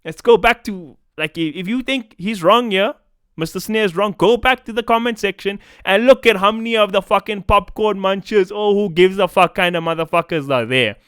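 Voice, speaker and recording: A man's voice: high voice, normal speed, fairly bright tone, clean tone, no room sound, clean studio sound. A young South African man with a South African accent, ranting in a profane, casual-slang commentary vlog. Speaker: esports commentator.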